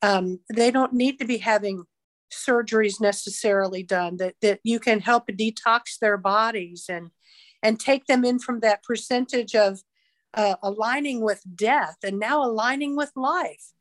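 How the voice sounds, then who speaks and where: A woman's voice: on the high side, unhurried, no echo. A woman evangelist, a podcast guest, leading a fervent, rhythmic spoken prayer. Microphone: podcast mic.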